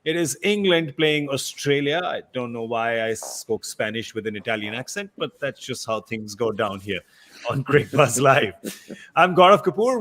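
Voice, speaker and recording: A man's voice: fairly high pitch, fairly bright tone. A man hosting a casual sports talk show, playful and teasing. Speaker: host. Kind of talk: casual studio chat.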